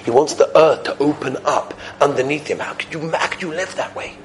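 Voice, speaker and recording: A man giving a weekly Torah lecture, an animated storyteller who acts out the dialogue and swings between loud exclamations and soft asides. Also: on the high side, a little fast, a little hiss or hum, rough recording. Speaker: Torah teacher.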